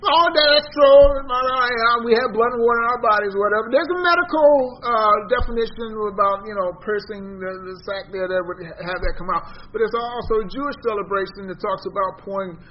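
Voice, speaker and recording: A man's voice: high voice, brisk, hardly any pauses. A man teaching a Bible study class, reading scripture aloud, then explaining it and quizzing his listeners. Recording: dull lo-fi sound with faint noise.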